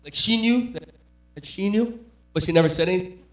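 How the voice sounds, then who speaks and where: A man's voice: sits high, fairly quick. A man from Jamaica doing a stand-up comedy set, telling stories and acting out the people in them. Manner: animated storytelling, acts out quotes. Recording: echoey room from far off.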